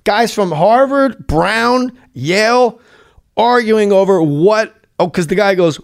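Middle-aged male guest, animated storyteller, slightly high-pitched, plays the voices in his tales. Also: slow. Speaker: podcast guest. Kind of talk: casual storytelling.

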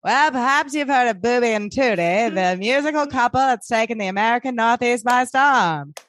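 A woman's voice: fairly high pitch, normal speed, a bit bright, no echo, voice pushed up, close to an everyday voice. Woman doing a cheesy sixties radio announcer guy, big showy delivery, dry mic. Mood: announcing. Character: male 1960s radio announcer, smooth and showy.

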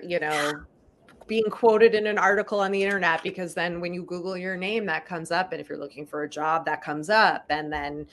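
A woman's voice: fairly low pitch, a bit bright. A woman co-hosting a podcast in casual chat, speaking in an earnest, thoughtful way. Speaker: podcast co-host.

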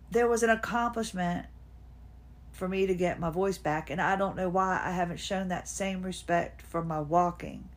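A woman in her fifties hosts a casual personal monologue from home. She rambles from one thought to the next and sometimes talks to herself. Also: on the low side. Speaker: podcast host. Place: at home, seated.

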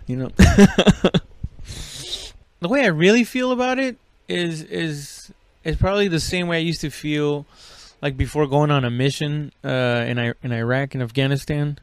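Guy in his 30s rambling on his podcast, swears a lot, lots of ums, smooth clear voice, dry close mic. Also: fairly high pitch, normal speed, dry recording. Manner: rambling, profane, lots of fillers and restarts. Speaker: podcast host. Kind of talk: casual solo podcast chat.

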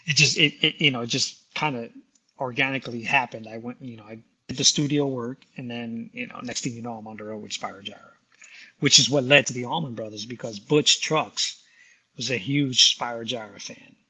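A man's voice: mid-range voice, fairly quick, pushed and bright, slightly rough. A man, a guest musician, telling stories in a casual interview, rambling with many fillers and frequent laughs.

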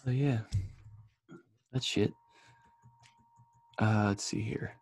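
A man with a raspy voice chatting casually on a video call, excitable and swearing freely. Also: fairly low pitch, slow pace. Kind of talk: casual podcast chat.

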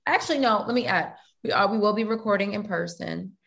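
A woman's voice: medium pitch, brisk, creaky, a bit bright. A woman co-hosting a podcast in casual chat, blunt and slangy, often swearing, recorded remotely. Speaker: podcast co-host.

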